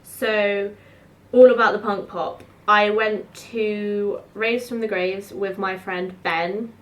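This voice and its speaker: A woman's voice: medium pitch, little pitch movement, takes it slowly. A woman, telling rambling stories to camera in a chatty way, full of "like". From South East London. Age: 20s. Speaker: student vlogger. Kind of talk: casual storytelling to camera.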